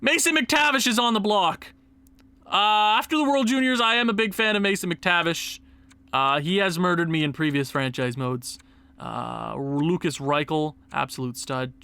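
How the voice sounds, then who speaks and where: A young man commentating his own video game play, excitable and quick to yell and laugh at the screen. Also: on the high side, clear, resonant tone. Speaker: gaming YouTuber.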